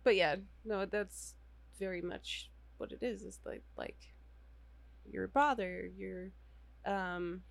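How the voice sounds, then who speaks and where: A woman's voice: medium pitch, slow, creaky. A woman co-hosting a podcast in casual chat, wry and playful, laughing often. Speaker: podcast co-host.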